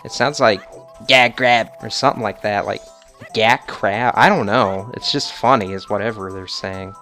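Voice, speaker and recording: A man playing a video game and commenting casually, joking sarcastically with loud bursts of mock outrage. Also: fairly low pitch, a little fast, soft background music. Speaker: video game let's player.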